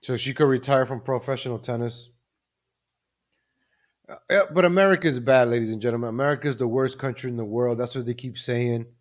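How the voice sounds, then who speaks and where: A man's voice: mid-range voice, fairly quick. A man hosting a live stream, ranting about the news and repeatedly addressing the audience. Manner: ranting, repeats ladies and gentlemen. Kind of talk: casual commentary live stream.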